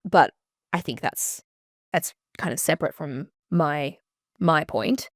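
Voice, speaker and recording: A woman hosting a podcast, chatting in an animated way and swearing freely. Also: deep voice, slow, no echo, studio quality. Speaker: podcast host. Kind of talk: casual chat.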